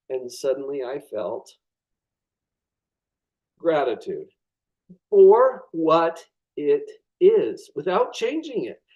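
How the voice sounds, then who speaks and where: A man with a fairly high voice delivers a motivational lecture. He is expressive and dramatizes his points, leaning on deliberate pauses before key words. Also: dull audio. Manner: expressive, dramatizes with acted inner thoughts. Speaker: presenter of a web class.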